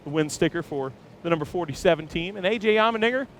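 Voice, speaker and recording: A man's voice: a little high, lively intonation, fast. A man hosting live, enthusiastic walk-around commentary in an outdoor race-car garage, chatting with viewers while filming on a camera he holds himself. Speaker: host. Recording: noisy outdoor garage, engines running. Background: engines and garage noise.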